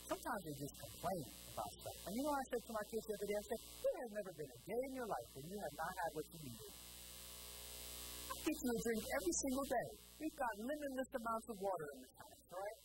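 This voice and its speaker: A man's voice: sits high, fast. A man preaching a sermon in church, who asks the congregation questions, answers them himself, and acts out the people in his stories. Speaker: pastor. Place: church sanctuary. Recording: steady mains hum behind the voice.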